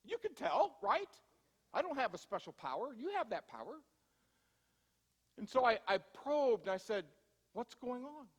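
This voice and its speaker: A male pastor with a very high voice delivers a sermon, ringing with the long reverb of a church hall. He talks conversationally, slowing for emphasis and hurrying through asides. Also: very animated, breathy edge. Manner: conversational storytelling, shifting from slow emphasis to quick asides. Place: church sanctuary.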